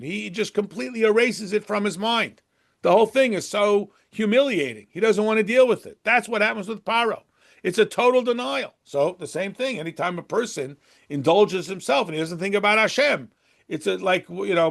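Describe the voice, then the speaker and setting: A man teaching a Torah class in a lively, conversational way, firing off rhetorical questions and acting out quotes in a raised voice. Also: high-pitched, moderate pace, creaky.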